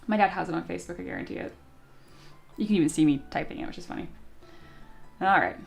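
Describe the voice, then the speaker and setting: A woman's voice: lowish voice, quick pace, creaky, soft background music. Giggly young woman streamer, swearing freely. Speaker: streamer and 3D sculptor. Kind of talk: casual live-stream chat.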